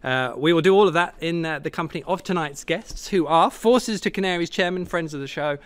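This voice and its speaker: Man, football show host, chatty, jokey, slightly high-pitched. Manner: chatty, jokey, quick asides. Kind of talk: live football show hosting. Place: football stadium venue.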